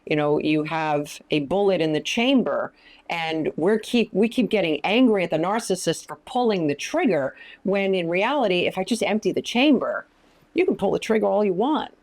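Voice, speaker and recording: A woman's voice: on the low side, lively intonation, moderate pace, darkish tone. A woman counselor and minister teaching in an interview, speaking emphatically and giving practical advice. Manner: emphatic, often acting out quoted lines.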